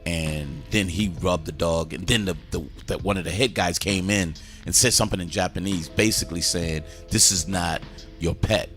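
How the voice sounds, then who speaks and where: Man, very low voice, casual movie review chat, enthusiastic, casual swearing. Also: normal speed, few pauses, a bit bright, faint music behind. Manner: enthusiastic, retells scenes at length, swears casually.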